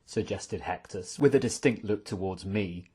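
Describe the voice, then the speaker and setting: A man's voice: fairly low pitch, moderate pace, husky. A man narrating an audiobook in a storytelling tone, shifting between voices for many characters. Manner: expressive, voicing many characters.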